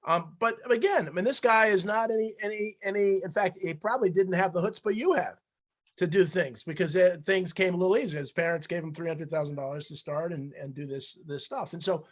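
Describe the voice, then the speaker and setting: A high-pitched man hosts an interview over a video call. He talks with eager energy, often restarting and repeating words as he goes. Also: fairly quick. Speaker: forum host. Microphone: computer microphone on a video call.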